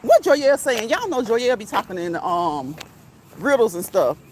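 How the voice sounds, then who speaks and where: A woman's voice: fairly high pitch, sing-song, moderate pace, darkish tone, slight background noise. A woman hosting a casual live stream, chatting, laughing often and reading out viewers' comments.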